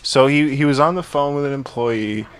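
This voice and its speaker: A man's voice: mid-range voice, moderate pace, a little hiss or hum. A young man co-hosting a casual podcast, telling a long work story with swearing and many restarts. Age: young adult. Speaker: podcast co-host. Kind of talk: casual chat.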